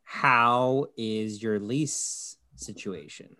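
A man with a New Jersey accent, co-hosting a podcast, talking loudly and acting out quotes in casual chat. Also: lowish voice, very slow. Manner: loud, animated, acts out quotes. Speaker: podcast co-host.

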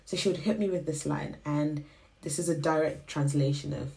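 A young woman whose first language is Shona hosts a podcast, telling a faith reflection in a casual, animated way and acting out the voices she quotes. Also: low voice, normal speed, gravelly. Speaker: podcast host.

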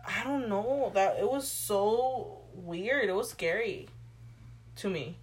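A woman's voice: medium pitch, slow, slight background noise. A young woman co-hosting a casual chat, playful and filling her talk with "like". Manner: chatty, playful, lots of "like". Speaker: podcast co-host.

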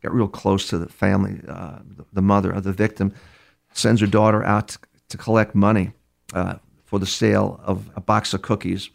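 A man's voice: low voice, level tone, normal speed, vocal fry. A man from New York, a criminal profiler, telling case stories in an interview with many restarts and repeated words. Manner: acts out other speakers' words inside his stories. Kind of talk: storytelling in a conversational interview.

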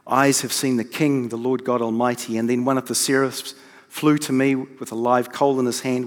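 Guy giving a sermon, slow careful delivery, long echo like a big church hall. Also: mid-range voice. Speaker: preacher. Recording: long reverb of a large hall.

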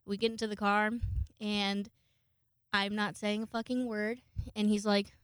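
A woman chats through a long personal story, cursing freely and circling back with fillers as she goes. Her voice is smooth and clean, close to the microphone in a dry room with no echo. She sounds like a casual home vlog. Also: mid-range voice, little pitch movement, a little slow. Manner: chatty, profane, rambling with frequent fillers. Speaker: vlogger. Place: home, indoors.

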